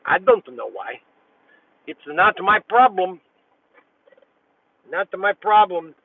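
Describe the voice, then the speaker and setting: A man's voice: high-pitched, very animated, takes it slowly, dry recording, distant mic. A man vlogging while driving, chatting casually and rambling in a folksy way from inside his car. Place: inside a car at a drive-thru. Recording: tinny, phone-like sound.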